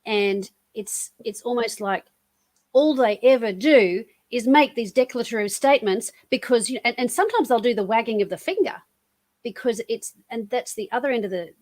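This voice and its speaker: A female podcast host conducts a casual interview, chatting enthusiastically, rambling through her thoughts and restarting often. Her voice is on the high side and a little mellow, at a moderate pace, with no room sound.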